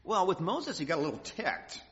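A man's voice: on the high side, very animated, brisk, fairly bright tone. A man preaching a conversational sermon, folksy and earnest, now and then acting out quotes. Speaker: pastor. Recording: muffled hall recording.

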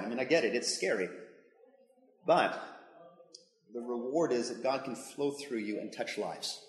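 A man's voice: mid-range voice, unhurried, long pauses, a bit bright. A man preaching a sermon as pastor, conversational and emphatic, speaking in a church hall. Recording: echoey hall with long reverb.

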